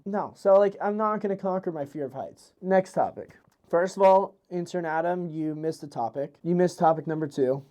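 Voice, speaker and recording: A man's voice: sits high, normal speed, mellow. Rambling, crude young man host. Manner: rambling, crude, restarts and fillers. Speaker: podcast host. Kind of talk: casual comedic monologue. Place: New York City.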